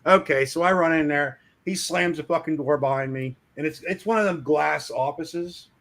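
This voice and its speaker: Brief: animated man spinning a foul-mouthed shop-floor yarn, slightly high voice. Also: normal speed. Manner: animated, acts out shouting coworkers. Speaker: streamer telling a work story. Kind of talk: casual storytelling with profanity.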